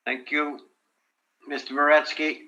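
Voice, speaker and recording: Slow, measured man chairing a hearing. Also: fairly high pitch, level tone, sharp tone. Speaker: board chair. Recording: dull lo-fi room audio.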